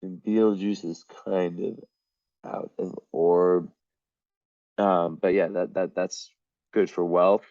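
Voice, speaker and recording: Low-voiced man giving a rambling astrology reading. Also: level tone, takes it slowly, pauses often, mellow, dry recording, muffled recording. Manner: meandering, hesitant, full of "like". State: losing his voice. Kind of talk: casual astrology reading to camera.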